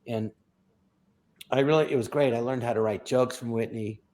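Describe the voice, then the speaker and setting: A man's voice: mid-range voice, moderate pace. An older man, a comedian, telling stories in a casual interview, acting out quotes in little voices and often restarting his sentences. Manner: animated, acts out quotes with voices, stammers and restarts. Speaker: guest comedian.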